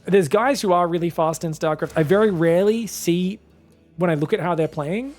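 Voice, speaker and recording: A man's voice: high voice, expressive, fairly quick, darkish tone, soft background music. A man giving solo play-by-play commentary on a strategy game, chatty, explaining the strategy to viewers and calling them "guys". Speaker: esports caster.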